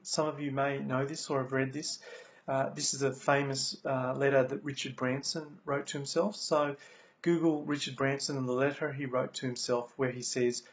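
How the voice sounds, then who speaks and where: Australian man, motivational speaker, gravelly, earnest and repetitive, muffled lo-fi sound. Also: mid-range voice, little pitch movement, normal speed. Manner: earnest, repeats key phrases, many ums. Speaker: speaker sharing recovery lessons. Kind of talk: motivational talk. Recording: dull lo-fi recording.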